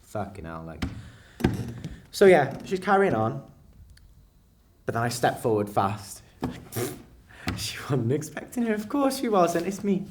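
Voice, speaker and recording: A woman performing a brash, foul-mouthed monologue, telling a street quarrel with shouted outbursts. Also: low-pitched, very animated, unhurried, pauses often, distant mic, slight background noise. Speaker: acting student. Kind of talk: acted monologue.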